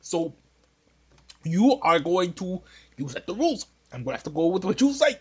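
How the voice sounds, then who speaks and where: A man's voice: sits high, sing-song, normal speed, a little mellow, breathy edge, exaggerated voice. A man doing a meek old politician with a put-on accent. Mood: meek pleading. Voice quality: exaggerated accent. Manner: pleading, submissive. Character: meek, frail old male politician, apologetic.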